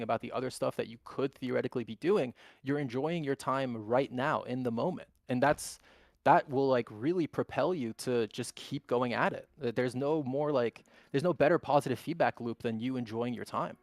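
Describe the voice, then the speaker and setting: Man, stream guest, mid pitch, blunt and candid, casual swearing, dry close sound. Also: fairly quick, gravelly, no room sound. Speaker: guest trader. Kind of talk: casual chat on a live stream.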